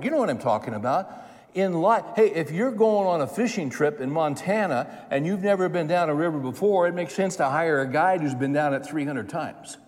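A man's voice: fairly high pitch, normal speed, a little mellow, big-room sound. A man in his seventies preaching a sermon in a folksy, conversational way, repeating phrases for emphasis. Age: 70s.

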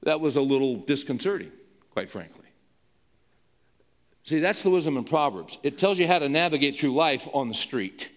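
A male pastor delivers a sermon through an emphatic, conversational story. His voice sits a little high for a man, and it rings with the long reverb of a large hall. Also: big pitch swings, moderate pace, pauses often. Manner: emphatic, conversational, with frequent restarts.

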